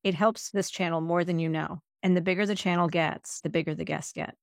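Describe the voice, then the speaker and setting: A woman host with a gravelly, creaky voice speaks straight to listeners, asking them to subscribe. The sound is dry and close. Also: fairly low pitch, steady tone, a little fast, no room sound. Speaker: podcast host. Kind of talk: podcast call to subscribe.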